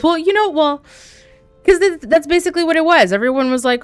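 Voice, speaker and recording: A woman's voice: high-pitched, fast talker, no echo, soft background music. A woman streaming a game live, chatting candidly and jokingly with her viewers as she plays. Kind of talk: casual chat while playing live.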